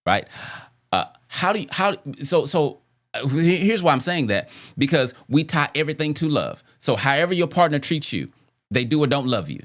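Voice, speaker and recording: A podcast host chats loosely about relationships, his pitch swinging widely as he poses rhetorical questions and circles back to repeat phrases while working out his point. He talks at a normal speed and pauses often.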